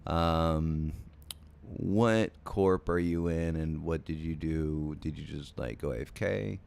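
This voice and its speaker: A sleepy man streaming a game well past his bedtime, chatting with viewers in a rambling way with lots of ums and false starts. His voice sits very low and gravelly, and he speaks slowly. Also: a little mellow. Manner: rambling, hesitant, many ums and restarts. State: sleepy, yawning late at night. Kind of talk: casual livestream chat with viewers.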